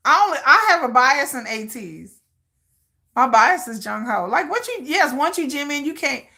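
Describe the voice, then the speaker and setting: A woman hosting a casual livestream, her fairly high voice swooping widely as she rants playfully to her viewers. Her tone is bright and forceful, and she laughs often between dramatic asides. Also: normal speed. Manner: animated, laughing, reacting to viewer comments. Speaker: livestream host.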